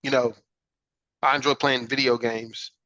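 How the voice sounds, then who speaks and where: Man, podcast host, earnest reflective storytelling, bright tone, dry close sound. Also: mid-range voice, level tone, a little slow, dry recording, lo-fi sound. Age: adult father. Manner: earnest, reflective, frequent "right?" check-ins. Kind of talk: personal storytelling.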